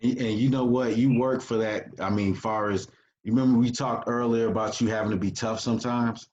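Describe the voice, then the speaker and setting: A man, a coach hosting an interview show, talking in a relaxed, rambling way with many fillers. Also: medium pitch, fairly quick. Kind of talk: casual interview chat. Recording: dull lo-fi sound.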